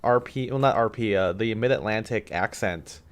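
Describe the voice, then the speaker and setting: A man co-hosting a podcast in casual chat, rambling and animated, dropping quick asides and quoting movie lines. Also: fairly low pitch, clear, resonant tone. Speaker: podcast co-host.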